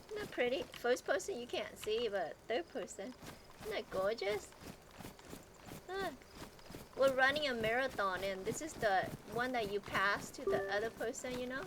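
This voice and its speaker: A woman streaming a game live, chatting with her viewers, excitable and laughing often as she plays. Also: a little high, moderate pace, noisy background. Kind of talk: live gameplay commentary.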